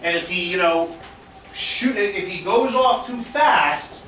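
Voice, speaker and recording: A man teaching history as a lively lecture, telling it like a story and acting out what people said, with fillers along the way. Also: high voice, slow. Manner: animated storytelling with fillers, acts out quotes. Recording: roomy echo, distant mic, faint hiss.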